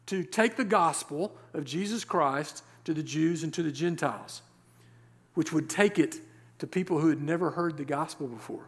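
A male pastor preaching a sermon, reading scripture verses and explaining them with rhetorical questions and slowed, stressed words. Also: on the high side, animated. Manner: emphatic, slows down to stress key words.

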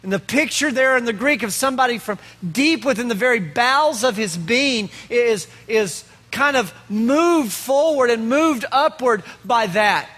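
A man preaching a sermon as pastor, asking rhetorical questions and pausing for effect. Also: extremely high pitch, expressive, pushed and bright.

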